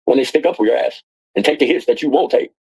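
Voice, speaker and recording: Fast rambling foul-mouthed man. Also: medium pitch, a little mellow, slightly rough, low-quality recording. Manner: rambling and profane, repeats himself. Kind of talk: casual rant.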